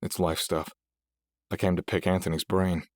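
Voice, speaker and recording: A man's voice: low voice, normal speed, no room sound, studio quality, close to an everyday voice. Man doing a weary, subdued young man. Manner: subdued, flat replies. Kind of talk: audiobook character voice.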